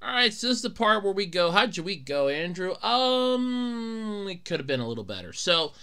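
A young man hosting a solo podcast, chatting casually, excitable, often laughing and shouting. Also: high-pitched, normal speed, smooth. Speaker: podcast host.

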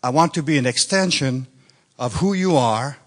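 A man's voice: mid-range voice, normal speed. A man from Quebec whose first language is French, with a Quebec French accent, giving an informal sermon as a guest minister. He talks in a chatty way, with joking asides and bursts of enthusiasm. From Quebec, Canada. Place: church meeting on stage.

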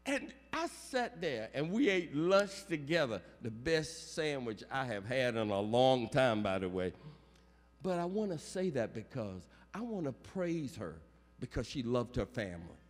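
A male pastor preaching a funeral sermon, calling out to the congregation for amens and building up to shouts. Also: mid-range voice, big pitch swings, measured pace. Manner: call-and-response preaching, rising to shouts. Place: large church sanctuary. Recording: long church reverb.

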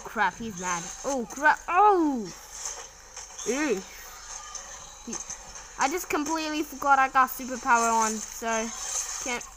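A child commenting casually on a game while playing, excitable and quick to repeat short exclamations and slang. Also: medium pitch, a little hiss or hum, low-quality recording. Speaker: gamer.

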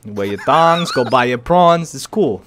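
A man's voice: mid-range voice, expressive, a little slow, fairly bright tone, slight background noise. Crude joking young man gaming. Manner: crude, joking, laughs a lot. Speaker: gaming channel host. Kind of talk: casual gameplay chat with friends.

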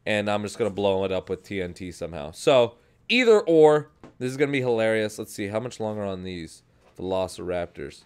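A young gaming channel host narrates his own Minecraft let's play in a casual, upbeat ramble, often correcting himself. His voice is fairly low and sing-song, fairly quick and smooth.

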